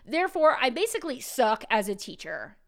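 Woman podcast host, chatty direct address, fairly high smooth voice. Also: sing-song, brisk, fairly bright tone. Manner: chatty, conversational, speaks directly to listeners. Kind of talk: casual podcast monologue.

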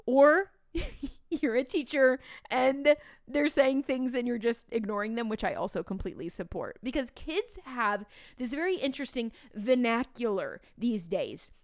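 A woman in her thirties, a teacher hosting a podcast, talking in a chatty, animated way with playful asides to the listener. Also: a little high, measured pace, no echo, clean studio sound. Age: 30s. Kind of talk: casual podcast talk.

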